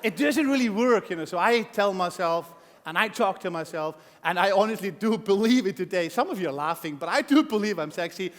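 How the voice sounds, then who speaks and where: High-voiced male speaker in an echoing hall. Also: fairly quick, background noise. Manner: energetic, shouts to rouse the crowd, acts out voices. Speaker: motivational speaker. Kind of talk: motivational stage talk. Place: large conference hall. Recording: long hall reverb.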